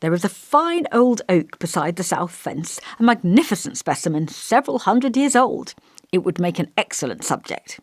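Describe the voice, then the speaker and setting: Storybook vicar, male, gentle and scholarly, kindly but hesitant, put on by a woman reader with a lowish voice. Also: sing-song, normal speed, dry recording, studio quality. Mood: genial. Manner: kindly, hesitant, over-polite. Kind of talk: audiobook character voice.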